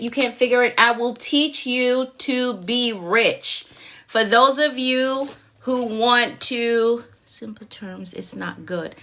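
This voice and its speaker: A woman's voice: a little high, pushed and bright. A woman coach talking on a live stream, encouraging, asking repeated questions and greeting viewers by name. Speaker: productivity coach. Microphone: phone or webcam on a live stream.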